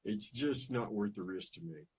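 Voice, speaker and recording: A man's voice: on the low side, moderate pace, a little hiss or hum. A man co-hosting a podcast, talking earnestly and emphatically with some teasing. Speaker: podcast co-host. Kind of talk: casual chat.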